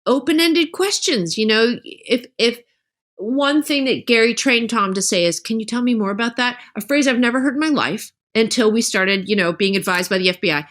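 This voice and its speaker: A middle-aged woman talking casually as a guest author on a podcast, telling animated stories and acting out the lines of other people. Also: fairly high pitch, normal speed. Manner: animated storytelling, acts out quoted dialogue.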